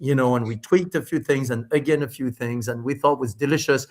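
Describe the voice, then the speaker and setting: Animated middle-aged man. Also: mid-range voice. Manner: animated, quick bursts with many restarts and fillers. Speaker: spirits company founder, podcast guest. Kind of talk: storytelling in a casual interview.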